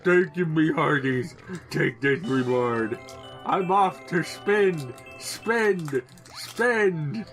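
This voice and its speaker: A man voicing a greedy male pirate hippo captain in a game, in mock-pirate speech, pitched above his own voice. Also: drawn-out words, a bit bright, soft background music, exaggerated voice. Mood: gleeful. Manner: growly mock-pirate talk.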